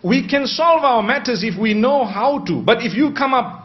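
A man preaching a sermon, measured and posing rhetorical questions he then answers. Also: very high voice, expressive. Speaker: Islamic preacher. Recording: dull lo-fi recording.

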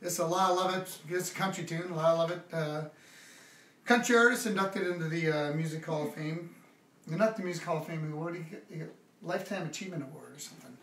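A man's voice: on the high side, quick pace, fairly bright tone, far from the mic. A man hosting a music livestream from home, chatting in a rambling, easygoing way between songs. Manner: rambling, easygoing, thinks aloud. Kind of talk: casual chat between songs. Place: at home, with his dog nearby. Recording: echoey room with guitar.

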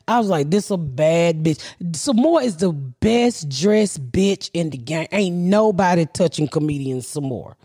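A woman in her forties, a comedian hosting a podcast, telling stories in a brash, profane, animated way. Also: on the low side, measured pace, hardly any pauses, husky. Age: 40s. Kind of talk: casual storytelling chat.

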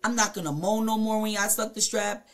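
A woman live streamer telling a blunt, profane story to her chat at home, her voice swinging between hushed and loud. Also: medium pitch, fairly even intonation, brisk. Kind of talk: casual confessional storytelling to chat.

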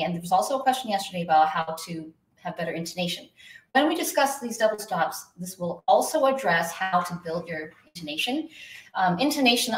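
A woman's voice: medium pitch, fairly bright tone, far from the mic. A woman hosting a live online violin lesson, chatty and upbeat, greeting viewers by name as she reads their questions from the chat. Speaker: violin teacher hosting a livestream. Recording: echoey room, voice from off the mic, faint hiss.

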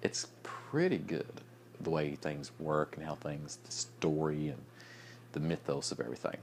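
A young man chatting casually in a late-night vlog, sleepy and yawning, rambling with restarts and soft chuckles. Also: very deep voice, fairly even intonation, unhurried, slight background noise. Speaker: vlogger.

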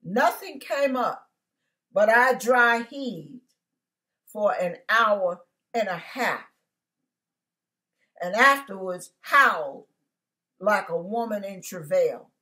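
Woman, home-recorded online preacher; slow, bright delivery with a preaching cadence. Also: medium pitch. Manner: animated, emphatic, repetitive preaching cadence. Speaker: online Christian teacher. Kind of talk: testimony preaching. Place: her living room. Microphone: computer mic.

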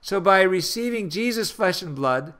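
A man hosting a radio sermon, preaching earnestly with emphatic rises and slow, drawn-out phrases. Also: high-pitched, lively intonation, a bit bright. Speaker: podcast host and minister.

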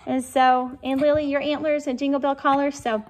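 Brief: woman vlogger, high voice, gushing and chatty, casual talk to camera. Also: little pitch movement, normal speed, a little hiss or hum.

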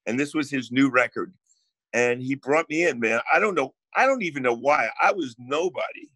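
A man's voice: mid-range voice, very animated, normal speed, fairly bright tone, dry recording. A man with a New Jersey accent, a guest songwriter telling brash stories in casual podcast chat and swearing freely.

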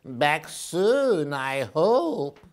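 A woman voicing a timid, dithering middle owlet brother in a children's picture book, with slow, hesitant speech. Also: sits low, very animated, darkish tone, heavily acted. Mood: fretful.

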